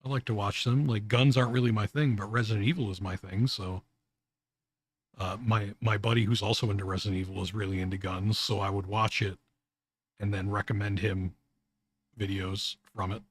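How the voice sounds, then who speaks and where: A man streaming casual reaction commentary, halting and often restarting his words with little chuckles. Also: on the low side, steady tone, husky, no room sound.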